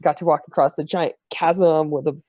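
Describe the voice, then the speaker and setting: A man serving as game master, recapping the last tabletop session in a halting, filler-heavy way. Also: on the high side, steady tone, darkish tone, no room sound.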